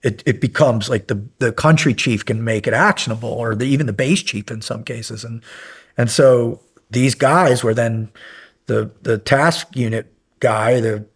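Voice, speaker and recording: A man's voice: mid-range voice, unhurried, slightly rough. Rambling, profane middle-aged man telling war stories. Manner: rambling anecdotes with many fillers, profane and animated when recounting yelling. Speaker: podcast guest, former SEAL instructor. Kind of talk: casual storytelling interview.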